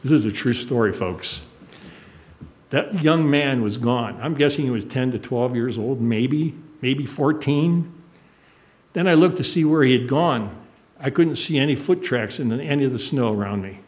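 Older man, preacher, sermon, earnest, emotional, medium pitch. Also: moderate pace, darkish tone. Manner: emotional, earnest, choked up at moments. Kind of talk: sermon storytelling.

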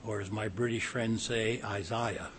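A man's voice: mid-range voice, moderate pace, a little hiss or hum. A man preaching a sermon, reading scripture aloud and adding earnest plain-spoken asides.

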